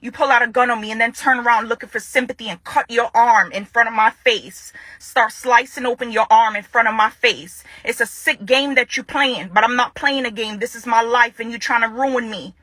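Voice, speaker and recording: A young woman speaks with a bright, tense edge and a fairly high voice, heard close and dry. She confronts her ex head-on in a furious public statement, hammering her points by repeating them. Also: fairly even intonation, moderate pace, few pauses, dry recording. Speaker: woman addressing her ex-partner in a public video.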